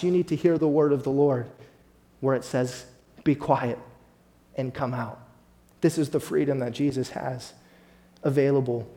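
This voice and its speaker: A man's voice: a little high, dark tone. A man as pastor, preaching a sermon and speaking directly to his congregation with rising emphasis.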